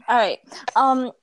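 Young woman on a podcast, slightly high voice, slow and giggly, lots of ums, dry close mic. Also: fairly bright tone, no room sound. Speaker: podcast co-host giving advice. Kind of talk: casual giggly chat.

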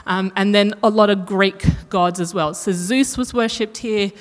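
A woman's voice: mid-range voice, measured pace. Chatty woman preaching in a reverberant hall. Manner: chatty, self-correcting, asks the room questions. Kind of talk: sermon.

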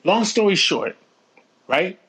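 A man spins a story in loose, slangy chat, swearing freely and acting out each character's lines. His voice sits a little high, and its pitch swings widely as he talks. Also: sing-song, slow pace, a bit bright. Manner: slangy, profane storytelling with acted-out quotes. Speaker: storyteller in a conversation. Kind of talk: casual chat.

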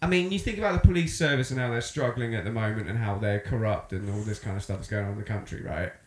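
A man co-hosting a podcast, rambling in casual chat and slipping into loud impressions. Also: lowish voice, quick pace, echoey room. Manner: rambling, animated, breaks into shouted impressions. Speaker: podcast co-host.

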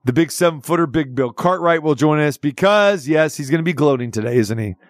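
Jokey higher-pitched male radio host. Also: animated, a little fast, no room sound, studio quality. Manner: jokey, rambling, switches dialects playfully. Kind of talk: casual sports talk.

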